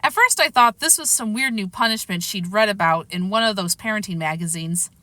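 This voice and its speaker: Woman reading a kids book out loud, lively and expressive, bright voice, dry close sound. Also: medium pitch, brisk, no room sound. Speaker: reader. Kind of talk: storybook narration.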